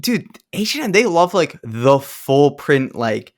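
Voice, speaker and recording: A man's voice: on the high side, very animated, unhurried. A young man co-hosting a podcast, talking in a laid-back, casual way with lots of "dude" and "like.". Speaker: podcast co-host. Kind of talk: casual chat.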